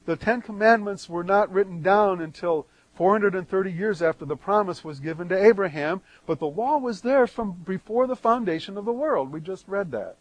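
A man preaching verse by verse, reading scripture aloud and then explaining it, with strong swings between loud and soft. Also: sits high, lively intonation, normal speed, few pauses, no echo, low-quality recording. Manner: emphatic swings in loudness. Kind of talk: verse-by-verse Bible teaching.

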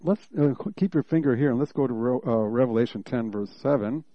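A man preaching a sermon, teaching from scripture verse by verse and reading passages aloud, with animated bursts when he voices what God is saying. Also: mid-range voice, a little fast, no echo, highs cut off.

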